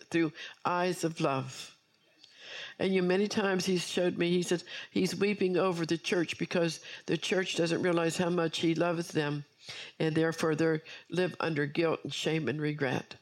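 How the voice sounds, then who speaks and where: Earnest woman preaching a sermon. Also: on the low side. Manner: earnest, emphatic, repeats key phrases. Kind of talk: sermon with personal testimony.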